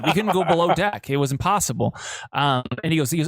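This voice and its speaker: A man co-hosting a podcast who tells stories in a casual, rambling way, full of fillers and restarts and excitable at the dangerous parts. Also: fairly high pitch, quick pace, dry recording, clean studio sound. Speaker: podcast co-host. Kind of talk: casual chat, storytelling.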